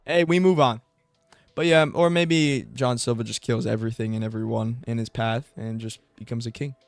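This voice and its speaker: A young man riffing loosely on his own, swearing often and rambling from one thought to the next. His voice is smooth and clear, recorded close and dry with faint music underneath. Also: normal speed, dry recording. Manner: rambling and profane, with bursts of high excited mock voices. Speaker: MMA commentary YouTuber. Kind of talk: casual solo commentary.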